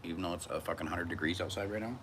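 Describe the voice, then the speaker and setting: A man's voice: low-pitched, racing, noisy background. A man in his thirties rambling through a profane, musing solo live stream outdoors on a hot day. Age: 30s. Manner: musing, profane, wandering monologue.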